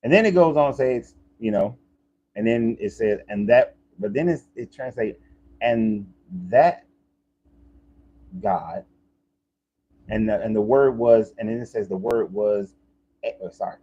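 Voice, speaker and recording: A man's voice: lowish voice, unhurried, long pauses, mellow, muffled recording. A man talking in a casual, rambling monologue, often restarting and repeating himself, as a life coach.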